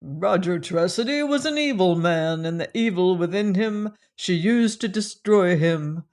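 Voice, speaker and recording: A reader voicing a rough, loyal male sailor comrade who speaks in old-fashioned, blunt, emphatic phrases, for an audiobook. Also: medium pitch, expressive, measured pace, darkish tone. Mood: earnest. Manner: archaic speech, emphatic, blunt.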